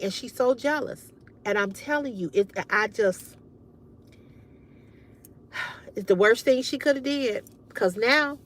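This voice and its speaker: A woman's voice: a little high, fairly bright tone, a little hiss or hum. A woman hosting a livestream, giving emphatic, frank advice to her viewers in casual chat and swearing freely. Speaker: livestream host.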